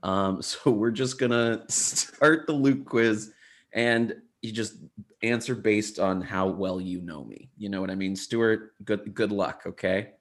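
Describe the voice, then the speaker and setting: A man's voice: on the low side, unhurried. A man co-hosting a comedy podcast, running a quiz in a playful, giggly way. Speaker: podcast co-host. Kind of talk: casual podcast chat.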